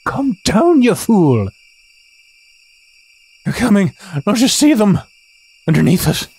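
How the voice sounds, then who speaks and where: A man doing a frantic accented young man, pitched high. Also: very animated, slow, darkish tone, breathy edge, full character voice. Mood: panicked. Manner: urgent, commanding.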